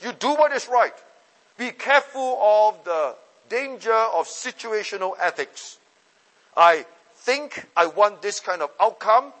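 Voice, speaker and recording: Preaching with force, a high-voiced man delivers a sermon that swings from loud calls to quiet asides, repeating his phrases as he goes. A long reverb carries his words, suggesting a large hall.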